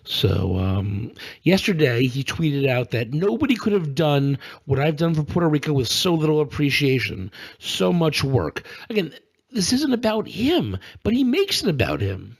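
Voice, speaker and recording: A man's voice: fairly high pitch, big pitch swings, normal speed, vocal fry, husky. A man co-hosting a casual political podcast, talking in a sarcastic, exasperated way with many "um"s. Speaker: podcast co-host.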